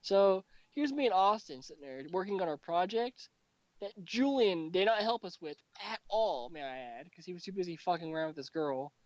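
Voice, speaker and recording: Speaking at a moderate pace in a high, expressive voice, a young man hosts a casual podcast. His school story is profane and mocking, complete with impressions of his friends' lines. The home recording is dull and lo-fi, without echo.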